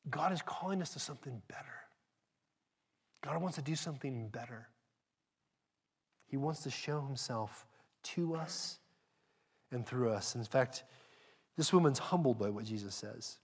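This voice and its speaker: A man preaching a sermon, speaking emphatically and directly to his congregation, swinging between loud emphasis and hushed asides. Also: mid-range voice, unhurried, long pauses, husky.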